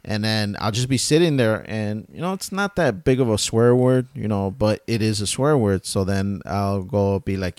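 A man's voice: on the low side, moderate pace, few pauses, a little mellow, smooth, no echo, clean studio sound. A man in his thirties with young kids, co-hosting a casual chat and explaining his views at length. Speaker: podcast co-host.

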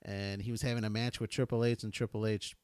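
Casual podcast co-host, man, lowish voice, dry close mic, laid-back storyteller. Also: flat delivery, fast talker, darkish tone, clear, resonant tone, dry recording. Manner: laid-back storytelling, quotes his son in a high voice.

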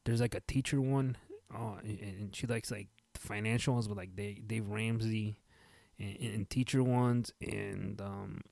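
Low-voiced man in loose joking podcast chat. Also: fairly even intonation, a little slow, creaky, darkish tone, dry recording. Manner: loose, joking, swears casually. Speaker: podcast co-host. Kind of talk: casual chat.

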